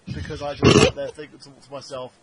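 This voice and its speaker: A man hosting a podcast, chatting casually and acting out quotes in animated, swearing stories. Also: medium pitch, quick pace. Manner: animated storyteller, acts out quotes, swears freely. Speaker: podcast host. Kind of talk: casual chat. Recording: crowd noise behind.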